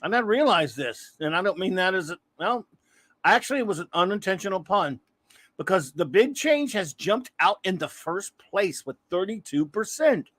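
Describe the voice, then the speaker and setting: A man's voice: high-pitched, big pitch swings, normal speed, a bit bright. Rambling, self-deprecating male host. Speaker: host of a comics livestream. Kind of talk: casual chat.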